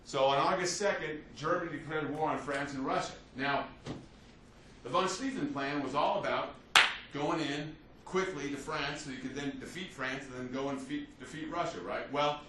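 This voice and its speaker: A man's voice: a little high, normal speed, noisy background. A male history teacher giving a conversational classroom lecture, often checking in with "you see" and "right?" as he talks. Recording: roomy, distant, faint ambience.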